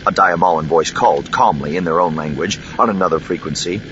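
Deep-voiced male audiobook narrator. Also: fairly quick. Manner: expressive, dramatic reading. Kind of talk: scripted narration. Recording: dull lo-fi with steady noise.

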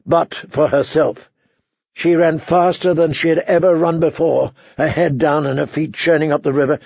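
A man narrates an audiobook in a measured, dramatic way. His voice sits a little high, with a gravelly, husky texture. The sound is dull and dry, like a close lo-fi recording. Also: no room sound. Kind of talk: scripted narration.

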